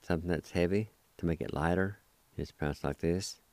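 A man's voice: sits low, fairly quick, a little mellow, dry recording. A man teaching vocabulary, spelling out each word letter by letter and repeating every syllable patiently, with a studio sound. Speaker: language teacher. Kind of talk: slow spelling and pronunciation drill.

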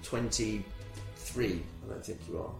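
A man's voice: fairly low pitch, slow pace, gravelly. A man in his thirties, a podcast co-host and actor, protesting earnestly against his friend's teasing and laughing often. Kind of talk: comic banter. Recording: roomy sound with music behind.

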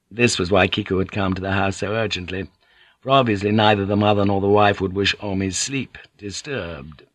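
A man narrating an audiobook in a measured storytelling manner. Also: lowish voice, gravelly, a bit bright, no room sound. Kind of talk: scripted narration.

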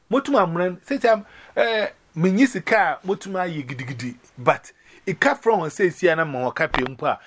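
A man's voice: fairly high pitch, fairly bright tone. A man from Ghana rambling casually on a phone call, slipping between English and Akan.

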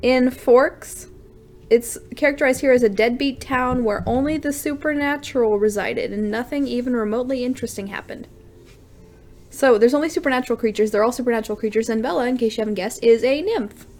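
A woman's voice: high voice, brisk, darkish tone. A woman podcast host casually reading fan fiction aloud with playful, dramatic asides.

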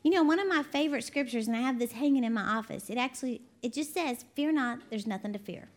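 Quick-paced and high-voiced, this ministry CEO and preacher keeps her sermon conversational, spinning chatty, folksy stories and frequently laughing at them herself.

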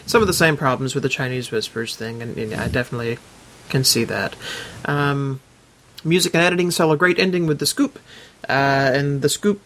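A man's voice: fairly high pitch, a little fast, fairly bright tone. A man hosting a podcast in casual chat, reading listener reviews aloud with plenty of ums and uhs and adding his own remarks as he goes. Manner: hesitant, lots of ums and uhs, adds his own comments while reading. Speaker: podcast host.

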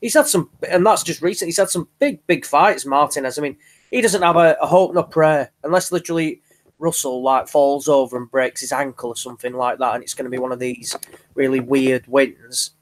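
Guy talking fights on a podcast, steady, lots of restarts and ums. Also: medium pitch. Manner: measured, hedging with restarts. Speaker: podcast co-host. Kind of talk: casual boxing chat.

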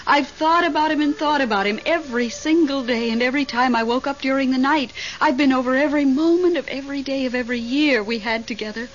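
An actress in a vintage radio drama, playing a lonely widowed woman haunted by her late husband, who is lively and easily startled. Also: high-pitched, fast, hardly any pauses, natural voice. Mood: devoted. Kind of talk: 1970s radio drama acting. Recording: dull hissy old radio recording.

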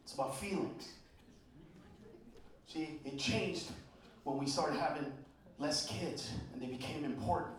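A man from Honduras doing a brash, profane stand-up set, swinging between shouts and low mutters. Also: a little slow, long pauses, distant mic. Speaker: stand-up comedian. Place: comedy club stage. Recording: roomy live club recording with crowd noise.

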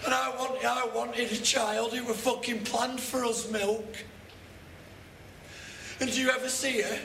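A man's voice: very high voice, level tone, unhurried, creaky, pushed and bright, a little hiss or hum, full character voice. A distraught young man. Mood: bitter hurt. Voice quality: raw, tearful and swearing. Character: distraught young man confronting his friend. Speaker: film character. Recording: echoey film audio with ambience.

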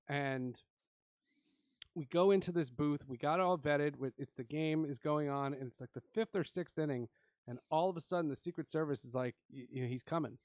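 A man casually telling an animated story with frequent laughs. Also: a little high, normal speed, no room sound, clean studio sound.

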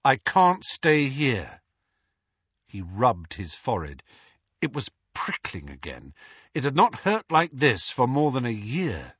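A male audiobook narrator reading slowly and expressively, with a wide, lively pitch range. His voice is husky, and the recording is dry and a little dull. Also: dry recording.

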